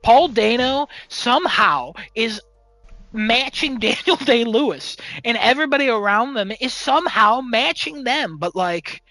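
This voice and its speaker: A man with a high, bright voice talks in casual podcast chat. He rambles with restarts and laughs often. He swears casually as he talks. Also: expressive, a little slow, no echo, soft background music, poor audio. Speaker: podcast co-host.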